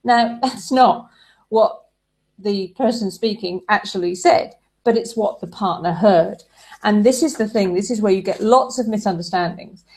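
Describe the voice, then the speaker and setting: A woman's voice: mid-range voice, moderate pace, darkish tone. A woman giving a relationship advice talk, explaining ideas through everyday examples.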